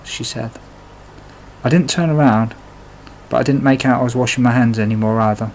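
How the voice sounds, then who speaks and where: A man's voice: medium pitch, moderate pace, slight background noise, rough recording. A man narrating his own life story in a plain, confessional way, with blunt swearing. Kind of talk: memoir storytelling.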